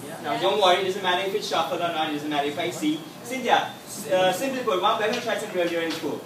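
Sri Lankan-accented young male magician, chatty showman, slightly high voice, echoey room, mic far off. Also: racing, noisy background. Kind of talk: stand-up stage patter. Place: comedy club stage.

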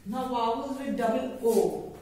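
A woman's voice: a little high, mellow. A woman with an Indian English accent teaching a kindergarten phonics lesson, dictating words one at a time and repeating them in careful lists. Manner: deliberate word-by-word dictation, repeating each word in lists. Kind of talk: slow, drilled phonics lesson. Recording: echoey room, distant mic, faint hiss.

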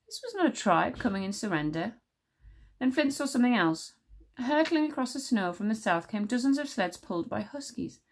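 A woman teacher reading a children's novel aloud with steady, clear storytelling. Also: a little high, moderate pace.

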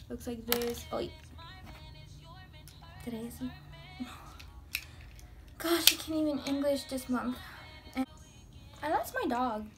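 A young woman chatting candidly and rambling while doing her makeup for a vlog. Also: fairly high pitch. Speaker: beauty vlogger. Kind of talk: casual get-ready-with-me chat. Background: music.

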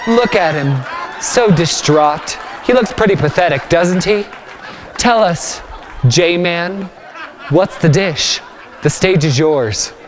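A man's voice: a little high, lively intonation, takes it slowly, a faint crowd, slight background noise. A young man playing a brash, mocking trash-TV talk show host in a comedy sketch, talking like an announcer.

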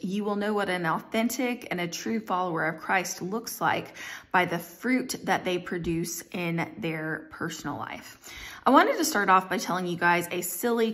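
A woman's voice: on the low side, fairly bright tone. Chatty woman giving a devotional talk. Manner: chatty and informal, addresses viewers as "you guys", uses many fillers; voices the parable's characters in her own voice. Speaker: Christian vlogger. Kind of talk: casual devotional talk with a told parable.

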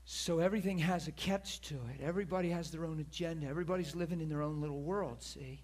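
A man preaching a sermon, telling a story with lively acted-out quotes and sudden soft whispers. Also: a little high, fast. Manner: animated storyteller, acts out quoted voices, drops to soft whisper at emotional moments.

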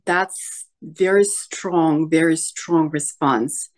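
A woman talks through a painful memory in a coaching session, hesitant and searching for words. She speaks slowly in a fairly low voice. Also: steady tone. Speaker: session client. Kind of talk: emotional personal sharing.

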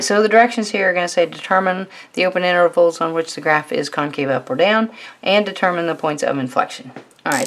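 A woman math teacher explaining a calculus problem step by step, often pausing on "all right.". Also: low-pitched, a bit bright. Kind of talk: recorded math tutorial.

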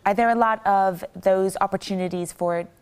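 A woman's voice: mid-range voice, fairly even intonation, moderate pace, clean tone. A woman interviewer asking questions and chiming in with short affirmations.

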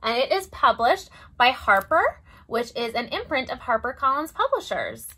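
A young woman leading a preschool story time as a librarian, animated and sing-song, gasping in mock surprise. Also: high voice, moderate pace, husky. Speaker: children's librarian.

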